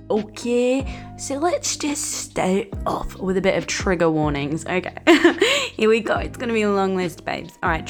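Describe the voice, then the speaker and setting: A young Australian woman in her twenties hosting a solo podcast, ranting bluntly and sarcastically with plenty of swearing. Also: mid-range voice. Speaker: podcast host.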